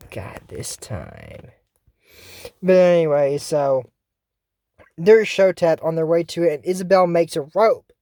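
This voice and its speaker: Lively, excitable cartoon recap vlogger. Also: medium pitch, slow, long pauses, no echo, studio quality. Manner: excitable, chatty, many fillers and restarts. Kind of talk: casual rambling recap commentary.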